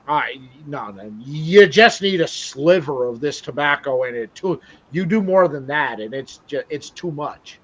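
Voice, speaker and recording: Rambling man with a higher voice. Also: expressive, unhurried, a bit bright. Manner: rambling, self-deprecating, many restarts. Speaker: show host. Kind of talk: casual interview chat. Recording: dull lo-fi audio.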